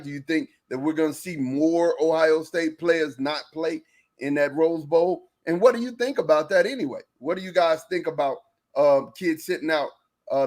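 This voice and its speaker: A man co-hosting a sports podcast, talking fast and loose, repeating phrases and jumping in over his partner. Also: on the high side. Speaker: podcast co-host. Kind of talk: casual sports chat.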